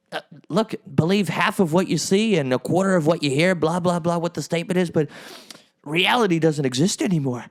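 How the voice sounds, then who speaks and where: A man's voice: a little high, a little mellow, close to an everyday voice. A man doing a boastful rambling older president. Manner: rambling, boastful, repeats phrases. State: losing his voice. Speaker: comedian doing a podcast impression. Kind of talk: comedic impression monologue.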